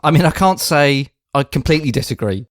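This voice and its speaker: A man's voice: a little high, expressive, a little fast. A man, co-hosting an improvised comedy podcast, mock-earnest and exasperated. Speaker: podcast co-host.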